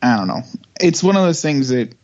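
A man co-hosting a podcast, talking casually and modestly with lots of ums and pauses. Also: medium pitch, sing-song, darkish tone, lo-fi sound. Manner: hesitant, filler-heavy, modest. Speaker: podcast co-host. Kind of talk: casual chat.

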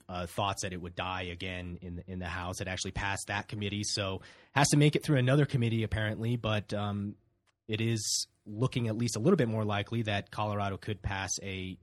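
A man's voice: lowish voice, level tone, fairly quick, dry recording. A man co-hosting a casual podcast, rambling and hesitant with lots of fillers. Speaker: co-host. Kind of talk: casual chat.

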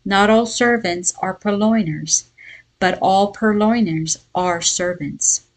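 Woman telling a moral story, measured. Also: medium pitch. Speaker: Bible teacher. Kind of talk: devotional talk with a read-aloud folk tale.

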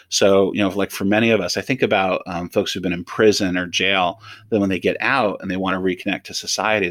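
Deep-voiced man explaining, dry sound. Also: fairly bright tone, dry recording. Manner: thoughtful, measured, frequent ums and restarts. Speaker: threat assessment expert guest. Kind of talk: interview answers, explaining.

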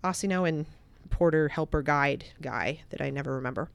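Low-voiced woman telling an emotional story. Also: a little fast, vocal fry, clear, resonant tone. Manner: animated, swings from excited to hushed. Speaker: podcast guest.

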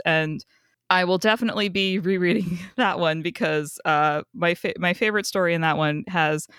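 A podcast co-host chatting casually, talking with lots of fillers and breaking into laughs often. The voice is smooth and resonant, sitting in a middle pitch. The sound is close and dry. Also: fairly bright tone, no echo. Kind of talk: casual chat.

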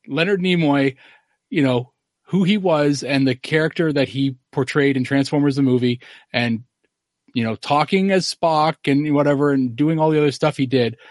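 A man's voice: on the high side, no room sound, studio quality. A man hosting a podcast in casual chat, rambling and opinionated. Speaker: podcast host.

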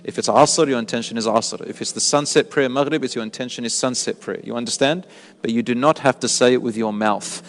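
A man's voice: mid-range voice, steady tone, a little fast, long reverb tail, a little hiss or hum. A man giving a religious lesson in a mosque, explaining points and putting questions to his listeners. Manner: explanatory, asks the audience questions. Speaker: religious teacher. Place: mosque hall.

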